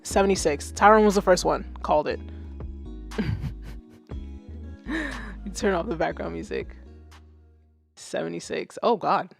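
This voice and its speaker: A woman's voice: fairly low pitch, measured pace, gravelly, long pauses. A young woman livestreaming from her music setup, chatting loosely, laughing and swearing casually. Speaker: music streamer.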